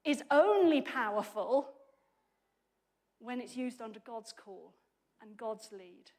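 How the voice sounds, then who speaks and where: A woman preacher giving a chatty, humorous sermon, often correcting herself mid-sentence as she goes. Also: on the high side. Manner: lively, chatty and humorous, with quick self-corrections.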